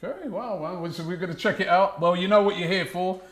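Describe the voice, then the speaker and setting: A man's voice: high-pitched, fast, a little hiss or hum. A man hosting a football chat show who steers the talk and sets up each topic with questions. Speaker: host.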